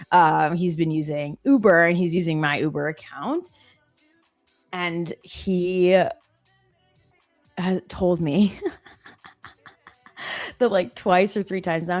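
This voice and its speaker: A woman in her thirties hosting a live trading stream, chatting casually and telling stories with many fillers. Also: sits low.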